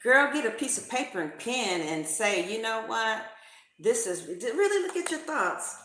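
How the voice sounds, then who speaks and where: Brief: woman, casual tarot reader, blunt and profane, bright tone, roomy echo. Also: fairly high pitch, very animated, moderate pace, a little hiss or hum. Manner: slangy, profane, emphatic.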